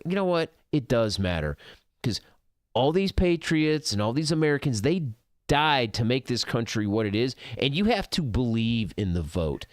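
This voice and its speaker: A man's voice: medium pitch, no echo, clean studio sound. A man streaming a game, ranting casually and profanely, rambling and getting heated. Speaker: gaming streamer. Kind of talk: casual rant over gameplay.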